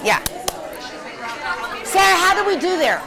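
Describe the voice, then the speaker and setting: Effusive high-voiced woman in a crowded hall. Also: sing-song, a little slow. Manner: effusive, warm-hearted thanks. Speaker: spiritual speaker greeting attendees. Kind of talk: closing a talk, then casual chat with fans. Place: large expo hall. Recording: noisy crowd in a large hall.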